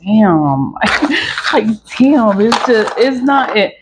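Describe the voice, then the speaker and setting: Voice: mid-range voice, sing-song, takes it slowly. A vlogger, talking in a rambling, repetitive, casual monologue full of "like", swearing and little laughs. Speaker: vlogger selling spiritual cleansing products. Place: home in the South Bronx, street sirens outside. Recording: faint street noise with sirens. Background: faint city street noise and sirens.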